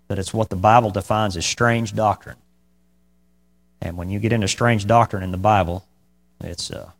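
A man preaching a verse-by-verse Bible teaching, chatty, checking in with "okay?", turning loud and high when he presses a point, with dry sarcastic asides. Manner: conversational, repeats "okay?" to the congregation.

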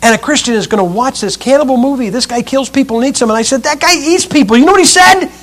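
Male preacher with a high voice, emphatic sermon delivery, swings between loud and hushed. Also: lively intonation, fast talker.

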